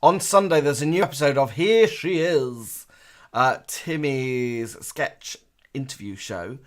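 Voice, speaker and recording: A man's voice: mid-range voice, slow. A man co-hosting a live show in casual chat, dropping dry, wry asides.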